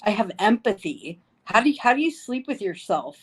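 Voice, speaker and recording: A woman's voice: medium pitch, sing-song, normal speed, breathy edge, poor audio. A woman streaming live, ranting angrily and swearing, repeating herself over and over. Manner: heated, profane, repeats herself. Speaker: livestreamer. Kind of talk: angry ranting livestream. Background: faint wind chimes.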